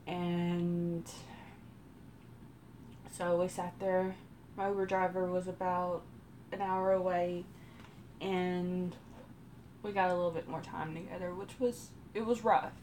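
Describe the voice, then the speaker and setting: A woman with a Texas accent telling a personal story in a slow, rambling way while doing her makeup on a live stream. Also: on the low side, little pitch movement, darkish tone, a little hiss or hum. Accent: Texan. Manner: slow rambling delivery with many pauses. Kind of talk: casual storytelling during a makeup routine.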